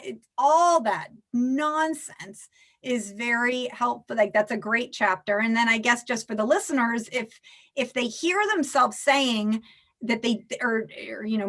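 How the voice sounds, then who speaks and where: A woman, a life coach, talking animatedly as a guest in a podcast interview. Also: on the high side. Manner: animated, acts out little quoted scenes.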